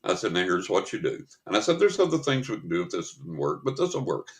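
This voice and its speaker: A man's voice: low voice, very animated, fast. A man hosting a paranormal talk show, telling a story in casual chat and acting out the voices of the people in it.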